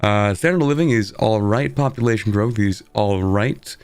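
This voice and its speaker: A man's voice: fairly low pitch, moderate pace, darkish tone, clear, resonant tone, dry recording, faint music behind. A young man streaming a strategy game, talking casually in a sleepy, rambling way while he explains his moves. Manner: sleepy, rambling, self-deprecating.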